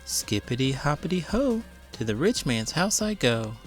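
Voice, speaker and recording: A man's voice: medium pitch, big pitch swings, normal speed, faint music behind, pitched above the performer's own voice, lightly acted. A man doing a sly singsong magic wok. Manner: singsong, teasing.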